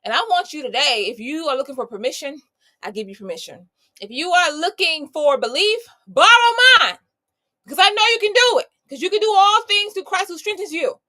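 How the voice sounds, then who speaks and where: A woman's voice: high voice, expressive, brisk, pushed and bright. A woman in her thirties giving an exuberant, preachy motivational live talk, greeting viewers by name. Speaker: host.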